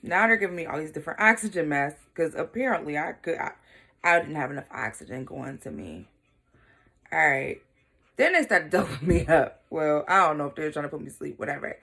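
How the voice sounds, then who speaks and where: Low, gravelly-voiced young woman vlogger. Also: lively intonation, a little fast, bright, forceful tone. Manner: casual, shrugging asides like "blah, blah" and "whatever". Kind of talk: candid personal storytelling.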